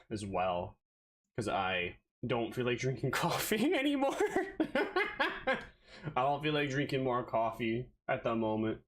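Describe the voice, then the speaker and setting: A man's voice: mid-range voice, fairly bright tone, low-quality recording. A man streaming live, chatting casually and rambling playfully to himself, a bit out of breath.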